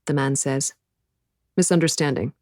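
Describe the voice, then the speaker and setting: A woman voicing a calm, understated man in an audiobook, speaking low and unbothered. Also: normal speed, no echo, clean studio sound. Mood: curt. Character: calm man pulled from an icy fjord.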